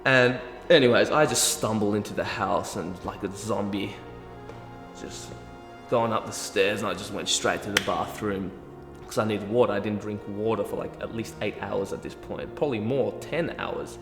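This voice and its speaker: Young Australian guy, animated swearing storyteller, echoey room. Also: lowish voice, normal speed, vocal fry. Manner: animated, heavy swearing, self-mocking. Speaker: vlogger. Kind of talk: storytelling monologue. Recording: roomy echo, long reverb, faint music.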